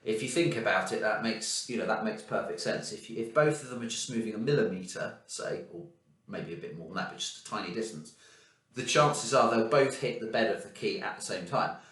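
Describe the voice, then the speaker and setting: A man's voice: lowish voice, expressive, brisk, a bit bright. A man giving a student encouraging piano practice tips, singing rhythms as "da" and demonstrating at the keys. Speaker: piano teacher. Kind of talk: recorded practice feedback. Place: room with a piano. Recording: very echoey room, mic far off. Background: piano playing.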